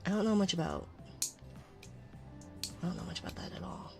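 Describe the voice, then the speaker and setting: Low-ish gravelly woman rambling on an asmr stream, keeps slipping into whispers, faint music behind. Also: huge pitch swings, brisk. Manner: rambling, often drops to a soft whisper. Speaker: VTuber streamer. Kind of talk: casual ASMR chat stream.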